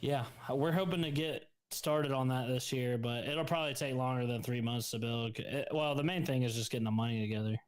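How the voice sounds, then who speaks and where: A man's voice: medium pitch, fairly quick, hardly any pauses, clear, resonant tone, rough recording. Male co-host, easygoing chat voice, rambles with false starts. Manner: rambling, hesitant with many restarts. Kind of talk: casual chat.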